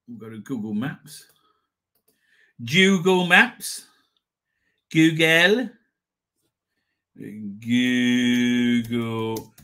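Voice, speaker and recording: A man's voice: medium pitch, a bit bright. A middle-aged man hosting a live stream, rambling casually, swearing and chuckling as he reads comments. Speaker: livestream host.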